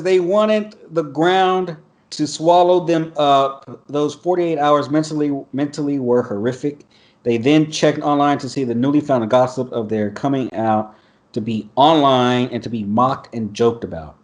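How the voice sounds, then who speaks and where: A man's voice: medium pitch, a little mellow. A man hosting a casual podcast over a video call, reading an article aloud and reacting bluntly with profanity. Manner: blunt, profane, laughs often. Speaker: podcast host.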